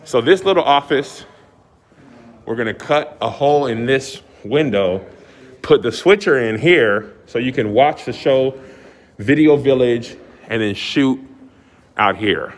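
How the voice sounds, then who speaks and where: Excitable man giving a walking tour. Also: mid-range voice, unhurried. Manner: excitable, showman-like announcing. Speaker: studio owner giving a tour. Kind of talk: casual walkthrough tour. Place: large empty commercial building.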